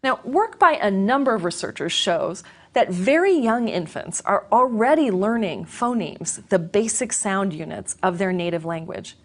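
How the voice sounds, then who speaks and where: Woman lecturer, mid-range voice, clear measured explanatory read. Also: mid-range voice, lively intonation. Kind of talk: scripted educational lecture.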